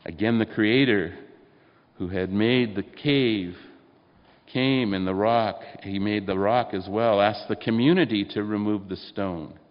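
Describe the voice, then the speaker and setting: A man with a fairly low voice preaches a sermon, talking to his congregation in a loose, conversational way and often asking them questions. His voice rings out with a long reverb, as if in a large church sanctuary. The recording sounds dull and lo-fi. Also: a little slow. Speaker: pastor.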